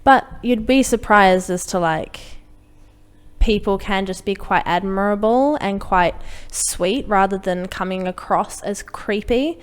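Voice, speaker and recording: A woman's voice: medium pitch, a little slow, clean tone, long reverb tail. A young woman talking frankly as a podcast guest, chatty and full of fillers. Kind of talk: casual conversation.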